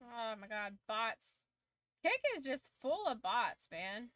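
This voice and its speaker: A woman's voice: fairly high pitch, lively intonation, slow, fairly bright tone, no echo, studio quality. A young woman streamer chatting casually with her viewers during a watch-along, swearing and reacting as she goes.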